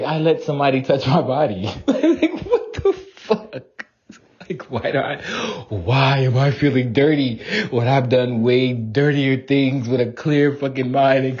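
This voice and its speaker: A man's voice: medium pitch, a little mellow, highs cut off. A man giving an emotional, profane confessional monologue, near tears, laughing through his distress and dropping to whispers between outbursts.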